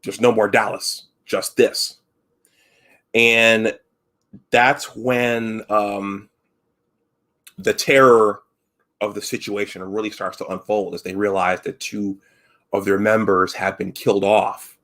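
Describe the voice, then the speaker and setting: A man with a fairly low voice hosts a casual live stream, walking through a film scene by scene. He talks in a loose, halting way, restarting phrases and stopping to act out lines. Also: flat delivery, a bit bright. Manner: retells scenes with filler restarts and acted-out quotes. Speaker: host.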